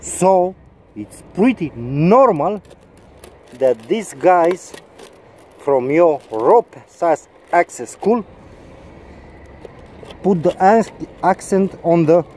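A man's voice: sits high, lively intonation, extremely slow, long pauses, warm tone. A man, an English speaker ranting in a mocking, sarcastic vlog and swearing often. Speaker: vlogger.

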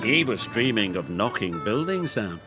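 A man narrating a children's storybook in an expressive, measured way, with music behind. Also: on the low side.

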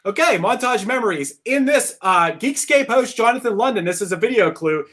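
A man hosting a live trivia podcast event, reading questions and scoring answers with quick restarts. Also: high voice. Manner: lively, stumbles and restarts, laughs between answers. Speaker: trivia quiz host.

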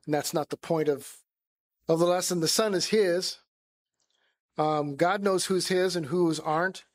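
A man's voice: fairly high pitch, a little slow. A man giving a conversational Bible study sermon, acting out the voices he quotes. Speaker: Bible teacher.

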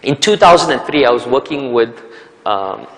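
A man's voice: medium pitch, moderate pace. A man, a performance coach, giving a motivational talk, telling stories and acting out the characters' lines, often asking "okay?" and "right?". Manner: animated storyteller, acts out characters' lines; repeats words for emphasis, asks "okay?" and "right?". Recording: hall reverb.

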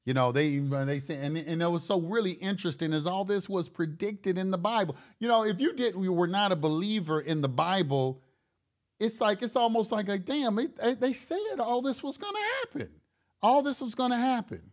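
A man's voice: sits high, animated, fairly quick. A male talk show host delivering a heated, profane monologue, repeating words and restarting his sentences as he gets worked up.

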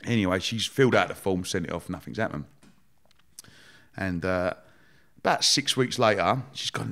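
A man, a podcast guest telling his story in a lively, slangy, chatty way. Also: low voice, moderate pace, long pauses. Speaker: guest, entrepreneur. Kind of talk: casual storytelling.

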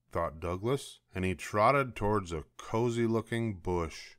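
An older man reading a children's picture book aloud as a bedtime story, slow and expressive. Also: fairly low pitch, dry recording, clean studio sound.

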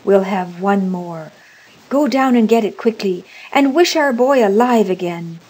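A woman voicing a frantic, grieving old woman who cries out in shrill, desperate pleas. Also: expressive, a little slow, a little mellow, husky, poor audio.

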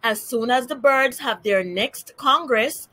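A woman's voice: high-pitched, measured pace, bright, forceful tone, voice pushed up, heavily acted. A woman voicing an impatient male parrot in a storybook reading, fretful and pressing.

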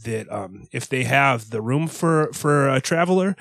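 A man co-hosting a comedy podcast, talking in a mock-earnest, halting way with many restarts. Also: medium pitch, expressive, vocal fry, a bit bright, dry recording. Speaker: podcast co-host. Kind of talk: deadpan comedic podcast banter.

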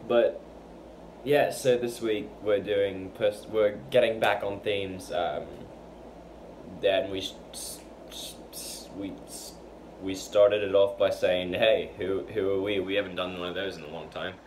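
A man's voice: low-pitched, steady tone, slow pace, darkish tone. A teenage boy talking about himself in an unscripted personal vlog, hesitant, with many fillers and restarts. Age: teens. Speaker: fan channel member. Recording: noisy home recording.

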